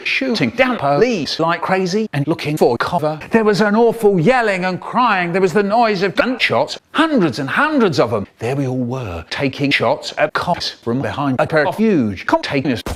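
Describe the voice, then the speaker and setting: An older man telling a story in a spliced reading, animated and bursting into sound effects. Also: on the high side.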